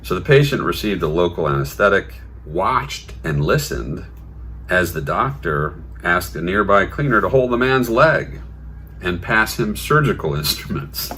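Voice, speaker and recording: A man hosting a comedy show, recapping odd news stories in a deadpan storytelling manner that breaks into silly voices. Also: low-pitched, a little slow, a little hiss or hum.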